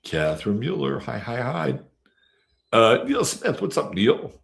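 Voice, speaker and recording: Gravelly guy hosting a live stream, talks slow, rambles and greets the chat. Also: mid-range voice, wildly swooping pitch. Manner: rambling and chatty, with many fillers and sudden jumps in loudness. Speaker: astrology show host.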